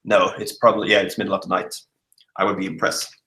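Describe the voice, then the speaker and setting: A man's voice: low voice, level tone, fast, bright, forceful tone, echoey room, low-quality recording. A man in his thirties from Malmö with a southern Swedish accent, chatting casually on a livestream and reading out viewer comments, with lots of uhs and laughs. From Sweden. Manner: chatty, laughing, thinks aloud with many uhs. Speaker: livestream host.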